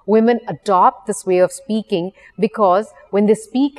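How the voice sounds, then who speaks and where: Woman storytelling coach, measured and explanatory, mid-pitched, long reverb around her. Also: darkish tone. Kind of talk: short weekly video talk.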